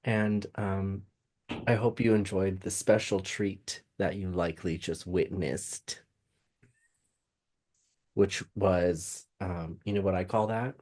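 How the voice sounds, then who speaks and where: Male podcast co-host, unhurried, joking, slightly low voice. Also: steady tone, a little mellow. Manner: joking, playful banter. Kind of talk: casual chat.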